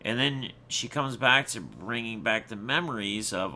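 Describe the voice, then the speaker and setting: A man's voice: fairly low pitch, animated, measured pace, hardly any pauses, sharp tone, a little hiss or hum. A man hosting his own channel, telling viewers a personal story in a rambling, reflective way with many restarts. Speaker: channel host.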